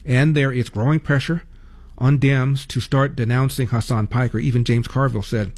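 Older male talk host, wry and sarcastic, middle pitch, casual monologue pace. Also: steady tone, normal speed, darkish tone. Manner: sarcastic, rhetorical questions.

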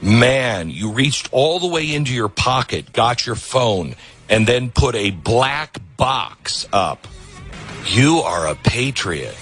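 A male talk show host with a sing-song, fairly bright voice speaks slowly over faint background music. He rants sarcastically, mocking opponents in put-on voices that jump high, and then reads an ad, in an opinionated monologue.

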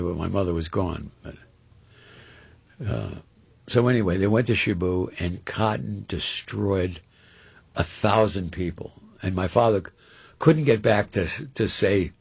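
Gravelly man telling a rambling story. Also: low-pitched, normal speed. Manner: animated, rambling, repeats words. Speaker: guest storyteller. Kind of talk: casual anecdote on radio.

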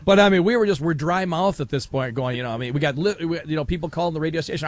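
A man's voice: a little high, very fast, few pauses, no room sound. A middle-aged man hosting a live radio talk show at a fair, telling stories and acting out other people's voices. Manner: animated storyteller, acts out voices. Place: outdoor fair broadcast booth.

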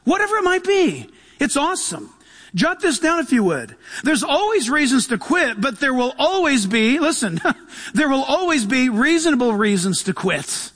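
A man preaching a sermon in a lively, animated way, acting out quotes and laughing often. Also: very high voice, normal speed. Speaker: pastor. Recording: long hall reverb.

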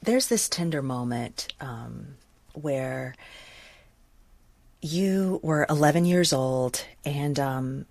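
A woman interviewing a guest, asking soft, measured questions with a few fillers. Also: a bass voice, animated, creaky, no room sound. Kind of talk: conversational interview.

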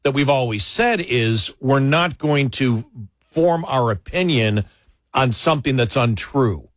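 A man co-hosting a talk radio show, telling stories in casual political chat with quick asides and restarts. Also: medium pitch, dry recording, studio quality. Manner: animated storytelling, quick asides, frequent restarts.

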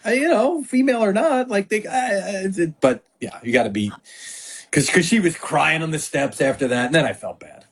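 A middle-aged man talks sports and family stories as a guest. His voice is husky and a bit high for a man, and it jumps around a lot. He acts out the other people in his stories. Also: moderate pace. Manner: animated storyteller, acts out quotes. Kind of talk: casual sports talk.

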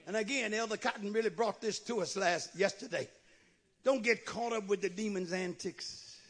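A male pastor preaching a sermon with call-and-response, building to shouts. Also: very high-pitched.

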